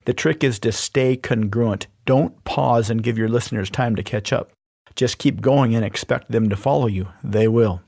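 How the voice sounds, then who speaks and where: A man hosting a podcast, reading scripted instructional narration in a steady, even-paced delivery. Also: mid-range voice, normal speed, vocal fry, dry recording, clean studio sound. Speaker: podcast host teaching persuasion.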